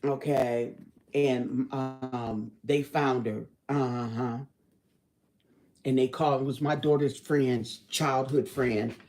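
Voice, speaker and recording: A woman's voice: extremely low pitch, fairly even intonation, slow pace, darkish tone. A middle-aged woman hosting a casual chat with online viewers. She talks in an emphatic, preachy way, repeats herself and laughs a lot. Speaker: livestream host.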